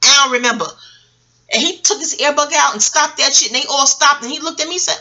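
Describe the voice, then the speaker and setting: High bright-voiced woman telling a wild story. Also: fairly quick. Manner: profane, laughing, acts out quotes in many voices. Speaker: vlogger. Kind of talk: animated storytelling rant. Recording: audio-only home vlog.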